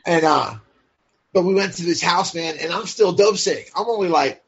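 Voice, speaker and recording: A man's voice: high voice, moderate pace, slightly rough. A man guest telling his story candidly and bluntly, swearing freely and filling his speech with "like" and "you know". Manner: blunt and profane, many fillers like "like" and "you know". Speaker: podcast guest. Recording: dull lo-fi sound.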